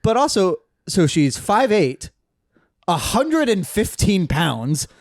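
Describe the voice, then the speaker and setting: A man's voice: high-pitched, very animated, slow pace, no room sound, clean studio sound. A man co-hosting a podcast, chatting casually, laughing often and telling stories about his job. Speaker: podcast co-host. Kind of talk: casual chat.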